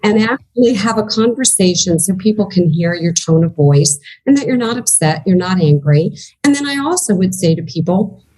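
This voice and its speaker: A middle-aged woman, a business coach, answering interview questions in a calm, plain-spoken way. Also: mid-range voice, normal speed, hardly any pauses, poor audio.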